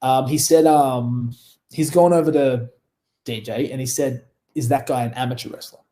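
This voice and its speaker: A man's voice: medium pitch, fairly even intonation, normal speed, mellow. Laid-back Australian man telling stories. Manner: rambling, laughing, frequent swearing. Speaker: guest wrestler. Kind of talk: casual interview storytelling.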